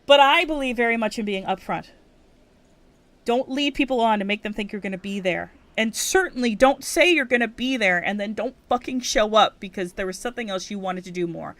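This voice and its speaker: A woman's voice: medium pitch, fairly quick, a bit bright. A young woman from Hawaii chatting casually on a game livestream, cursing freely and getting worked up as she rants. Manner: profane, rants and gets worked up. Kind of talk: casual gaming stream chat.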